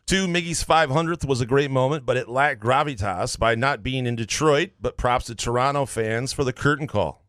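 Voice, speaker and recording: A man co-hosting a sports podcast in a dry, close-miked studio. He reads listener takes in a flat, deadpan way and sinks into quiet mutters for his jokes. His voice sits at an ordinary pitch. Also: moderate pace, hardly any pauses, no echo. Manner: deadpan, drops low for asides, reads listener takes aloud. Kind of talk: casual sports chat.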